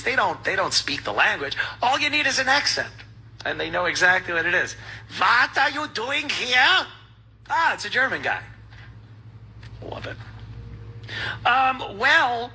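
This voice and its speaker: A man's voice: sits high, pushed and bright, slightly rough, rough recording. A man hosting a talk show, delivering a sarcastic, ranting monologue full of mocking asides.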